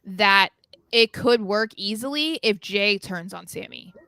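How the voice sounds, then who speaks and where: Bright, clear-voiced woman chatting wrestling. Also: medium pitch, a little slow, no echo. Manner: chatty, opinionated, many fillers. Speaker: podcast co-host. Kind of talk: casual wrestling chat.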